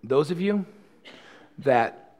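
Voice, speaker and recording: A man's voice: fairly high pitch, expressive, extremely slow, darkish tone. A male pastor preaching a sermon about communion, earnest and conversational, often restarting his phrases.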